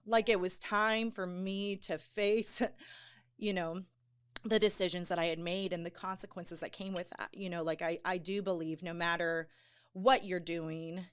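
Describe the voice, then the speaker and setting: A woman's voice: on the low side, measured pace, clear, resonant tone. Earnest woman telling her story. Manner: earnest, animated storytelling with many fillers. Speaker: podcast guest. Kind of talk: personal testimony in casual chat.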